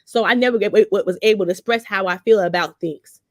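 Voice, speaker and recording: A woman's voice: mid-range voice, fast, no echo, studio quality. A woman hosting a talk show, telling personal stories bluntly and animatedly and slipping into the voices of the people she quotes. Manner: blunt, salty. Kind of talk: candid personal storytelling.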